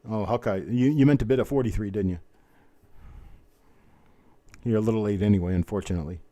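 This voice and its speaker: The host of this live online coin auction is a man whose voice sits on the low side and sounds mellow. He mixes a rapid bid-calling chant with folksy, easygoing remarks.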